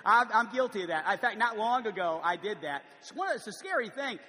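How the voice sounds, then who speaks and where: A man's voice: sits high, big pitch swings, fairly quick, bright, forceful tone, long reverb tail. A man preaching a sermon in a large church, conversational, with frequent stammered restarts. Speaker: pastor.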